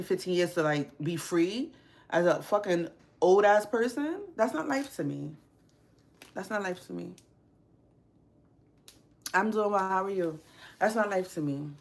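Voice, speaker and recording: A young woman hosting a casual livestream, ranting bluntly with frequent swearing and strong opinions. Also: lowish voice. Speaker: livestream host. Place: home workspace.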